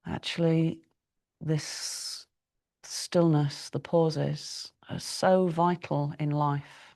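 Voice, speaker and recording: A middle-aged woman teaching a yoga class, giving slow, calm breathing cues with long pauses. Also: low voice, creaky. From United Kingdom. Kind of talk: guided yoga class instruction.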